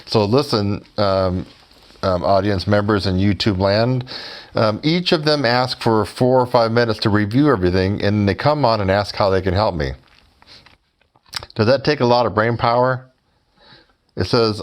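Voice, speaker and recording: A man's voice: on the low side, normal speed. A man telling a story to his viewers in a sarcastic, mocking way and speaking directly to them as folks. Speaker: YouTuber.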